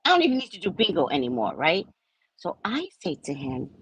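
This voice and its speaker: A woman telling a story casually to her viewers, animated and swearing, often checking in with "right?". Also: low voice, fairly quick, slightly rough, dry recording, poor audio. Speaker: vlogger, spiritual reader.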